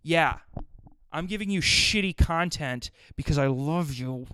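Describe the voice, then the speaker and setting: A man's voice: fairly high pitch, a little slow, bright, forceful tone, smooth. A man hosting his own podcast, riffing crudely and profanely in a rambling solo rant. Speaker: podcast host.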